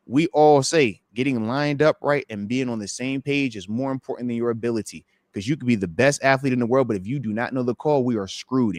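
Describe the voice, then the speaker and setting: Passionate former football player, dry mic. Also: male voice, medium pitch, a little mellow, no room sound. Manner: passionate, acts out crowd and player voices. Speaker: former NFL player and guest analyst. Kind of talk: animated live podcast football talk.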